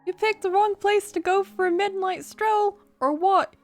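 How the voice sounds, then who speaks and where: A woman's voice: very high-pitched, moderate pace, faint music behind, voice pushed up. A woman voicing a crude, taunting young male street thug with a mocking, put-on street accent while reading a game aloud. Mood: jeering menace.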